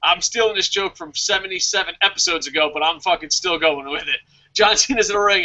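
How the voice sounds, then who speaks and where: A man's voice: sits high, a little fast, highs cut off. A man co-hosting a casual wrestling podcast who tells jokey stories, acts out quotes in funny voices and swears freely. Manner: animated storyteller, acts out quotes, profane. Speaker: podcast co-host.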